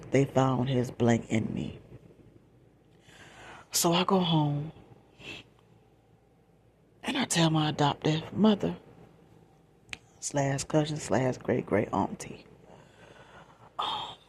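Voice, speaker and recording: A woman telling a personal ASMR storytime in a breathy whisper and soft talk, confiding and emotional, often speaking straight to her listeners. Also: deep voice, slow, long pauses, a little hiss or hum. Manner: confiding, emotional, repeats phrases, addresses listeners directly.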